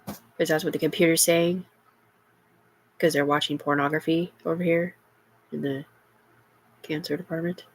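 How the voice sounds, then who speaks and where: A woman's voice: deep voice, fairly even intonation, moderate pace, long pauses, husky. A middle-aged woman in an agitated, rambling livestream monologue, heavy with profanity.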